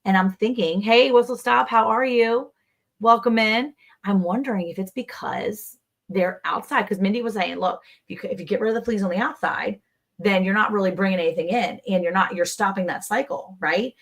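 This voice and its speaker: A woman's voice: mid-range voice, a little fast. Woman, livestream co-host, casual chat, talkative, greets viewers. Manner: chatty, reads out viewer comments.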